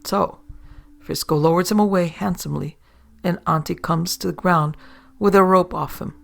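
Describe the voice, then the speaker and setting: Gravelly-voiced woman telling a sea yarn. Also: on the low side, steady tone, normal speed. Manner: folksy sailor-yarn telling. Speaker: narrator. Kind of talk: horror story reading.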